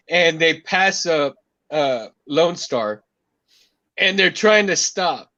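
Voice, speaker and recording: A man's voice: a little high, animated, extremely slow, bright, forceful tone. A man in casual chat, eagerly recalling scenes and laughing often. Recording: dull lo-fi sound.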